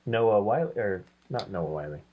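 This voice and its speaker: A man's voice: fairly low pitch, animated, normal speed, narrow, tinny audio. A man co-hosting a movie review show, talking in casual, joking banter and laughing often.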